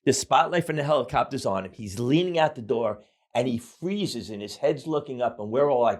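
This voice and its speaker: A man's voice: mid-range voice, animated, a little fast. A middle-aged man telling a story as a podcast guest, casual and profane, with many fillers.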